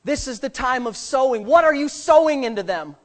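A middle-aged man preaching a sermon as pastor, swinging from quiet, low asides to loud, fervent shouting. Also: lively intonation, fairly quick.

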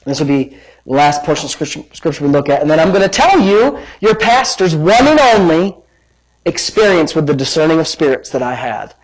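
A man preaching a sermon as pastor, reading scripture with lively emphasis and wandering into personal asides. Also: on the high side, brisk, husky, low-quality recording. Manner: animated, dramatic scripture reading with rising emphasis; rambling asides and self-corrections.

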